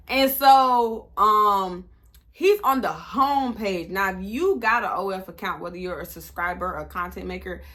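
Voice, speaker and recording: Sassy, bright-voiced young woman storyteller. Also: mid-range voice. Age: 20s. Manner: animated, sassy storytelling with quoted back-and-forth. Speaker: vlogger. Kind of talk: storytime vlog.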